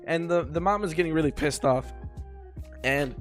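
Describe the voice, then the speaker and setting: A man's voice: on the high side, moderate pace, soft background music. A young man co-hosting a podcast, telling a story in a rambling, casual way with lots of filler words and laughter. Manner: rambling, full of likes and laughs. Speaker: podcast co-host.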